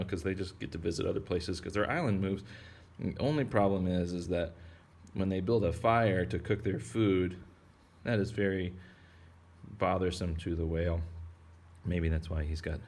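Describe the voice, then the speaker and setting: A man teaching kids to draw whales in a rambling, playful way full of jokes. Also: sits low. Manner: rambling, playful, joking asides. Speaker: drawing teacher. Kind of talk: casual drawing tutorial for kids.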